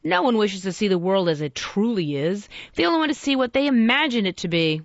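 Brief: woman playing a troubled Victorian writer, oratorical and pleading, lively pitch, dull lo-fi sound. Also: brisk, no room sound, close to an everyday voice. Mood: impassioned. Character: troubled, impassioned male Victorian author, middle-aged.

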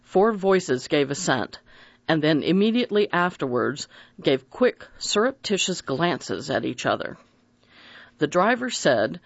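A narrator reading a novel aloud in an expressive, varied way, in a dull, dry recording. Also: medium pitch, unhurried, gravelly, no room sound. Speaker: audiobook narrator. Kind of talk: scripted narration.

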